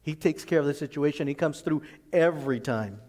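A man's voice: on the high side, brisk, darkish tone, big-room sound. A man preaching a sermon as pastor, reading scripture aloud and explaining it in plain, earnest words.

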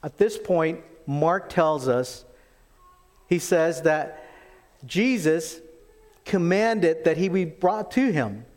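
A man preaching a sermon, animated in his storytelling and acting out the quoted voices. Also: fairly high pitch, slow, long pauses. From lived in Texas. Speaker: pastor.

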